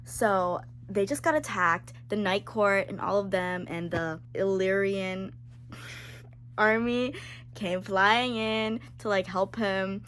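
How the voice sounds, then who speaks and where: A young woman recapping a book she is reading, gushing and excitable and peppering her talk with "like". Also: medium pitch, takes it slowly, slight background noise. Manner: gushing, excitable, heavy use of "like". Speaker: book vlogger. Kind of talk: casual chat recapping a book.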